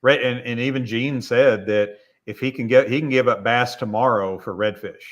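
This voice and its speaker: A man hosting a podcast, chatting in an easygoing way and often pausing on "uh" and "you know". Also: mid-range voice, steady tone. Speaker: podcast host. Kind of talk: casual podcast chat.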